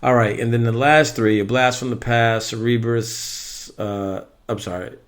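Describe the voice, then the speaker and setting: A Halloween prop reviewer shares his views on animatronics in a chatty, rambling vlog, correcting himself as he talks. His mid-range voice is steady in tone and unhurried.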